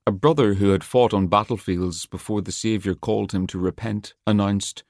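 A man narrating an audiobook in a measured, dramatic storytelling manner. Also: fairly low pitch, no echo, studio quality. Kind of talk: scripted narration.

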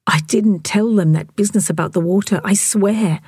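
A woman's voice: medium pitch, normal speed, darkish tone, dry recording, studio quality. A woman whispering a remorseful teenage boy. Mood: wretched. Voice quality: breathy. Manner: pleading, wretched whisper. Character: remorseful sixteen-year-old boy, rigid and earnest. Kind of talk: whispered audiobook reading.

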